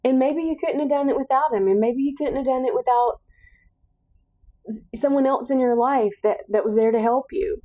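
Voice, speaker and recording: A woman's voice: high voice, normal speed, muffled recording. A woman hosting a solo podcast, speaking in an earnest, encouraging monologue with emphatic repetition. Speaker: podcast host.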